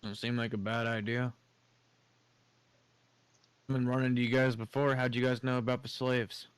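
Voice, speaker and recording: A man speaking as a player in a tabletop role-playing game. He sounds laid-back and swears casually. His voice comes through smooth and clear, in an even, flat tone. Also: medium pitch, normal speed, no echo. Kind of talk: tabletop role-play, in and out of character.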